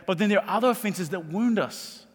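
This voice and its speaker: High-voiced man preaching in a hall. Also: brisk, slightly rough. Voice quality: animated, jokey, repeats words. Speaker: pastor. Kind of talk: sermon. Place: church hall. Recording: long hall reverb.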